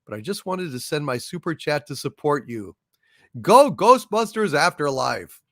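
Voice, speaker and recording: A man's voice: fairly high pitch, very animated, normal speed, fairly bright tone, dry recording, studio quality. A man hosting a live stream, thanking viewers and reading out their donation messages in a grandiose, rambling way with many repeated words. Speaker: channel host.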